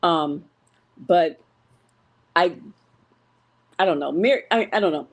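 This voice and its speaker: A woman's voice: lowish voice, takes it slowly. A woman calling in to a show, hesitant with many ums, giving firm opinions. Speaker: caller. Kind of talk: casual call-in opinion.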